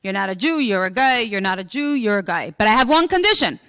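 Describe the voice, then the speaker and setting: A woman's voice: mid-range voice, animated, quick pace, bright, forceful tone, smooth, big-room sound, voice pushed down. A woman voicing a stern middle-aged male priest in a told joke, speaking in firm, commanding lines.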